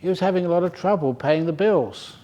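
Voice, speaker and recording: A man's voice: high-pitched, brisk, dark tone. An older man giving a humorous Dharma talk at a meditation retreat, telling stories and chuckling often. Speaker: meditation teacher. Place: retreat centre hall.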